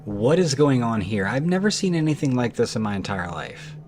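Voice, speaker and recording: A man's voice: medium pitch, very animated, a little fast, a little mellow, slight background noise. A man narrating trail cam clips in a scripted, conversational way with skeptical asides.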